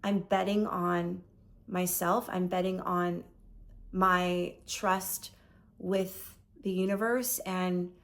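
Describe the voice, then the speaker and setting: A woman's voice: on the low side, little pitch movement, slow, fairly bright tone. A woman in her forties talking earnestly in a reflective video journal, often trailing off and restarting her thoughts. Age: 40s. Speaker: vlogger. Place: lives in Paris.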